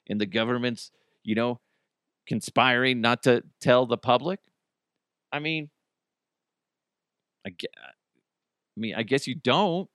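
A man's voice: medium pitch, fairly bright tone, no echo, clean studio sound. A man hosting a radio show, chatting casually with rambling jokes and self-corrections. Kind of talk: casual on-air chat.

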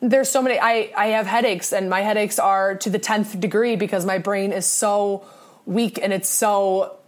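A woman's voice: mid-range voice, steady tone, moderate pace. A young woman co-hosting a sports podcast, talking in an earnest, rambling way with many restarts. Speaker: podcast co-host. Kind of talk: casual sports podcast talk.

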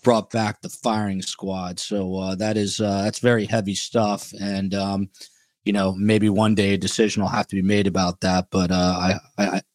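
A man's voice: sits low, little pitch movement, moderate pace, a little mellow, no room sound. A man with a New Jersey accent hosting a podcast, reading viewer questions aloud with lots of fillers. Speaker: podcast host.

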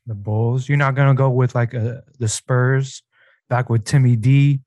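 A man's voice: medium pitch, steady tone, unhurried, a little mellow, no room sound. A man hosting a casual sports podcast, talking in a laid-back, teasing way. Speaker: podcast host.

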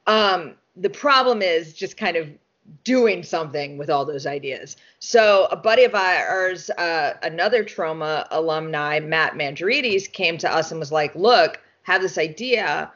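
A woman's voice: low-pitched, measured pace. Woman chatting loose in an interview, swears a bunch, laughs lots, kinda dull muffled sound. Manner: animated, swears freely, laughs often. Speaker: interview guest. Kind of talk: casual interview chat.

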